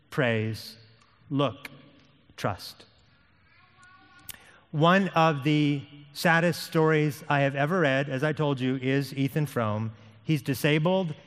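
A man's voice: a little high, a bit bright. A man preaching a sermon as pastor, with an impassioned delivery that rises and falls. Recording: long hall reverb.

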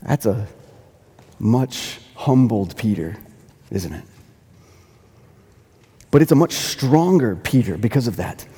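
A man's voice: mid-range voice, animated, takes it slowly, pauses often, warm tone, breathy edge, big-room sound. A man preaching a sermon as pastor, earnest, repeating phrases for emphasis and lifting into quoted dialogue.

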